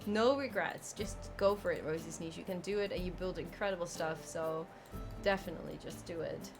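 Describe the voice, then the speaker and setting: A woman live-streams a zoo-building game, chatting, laughing, exclaiming in frustration and thanking viewers by name. Her voice is on the low side and a little fast, with music playing in the background.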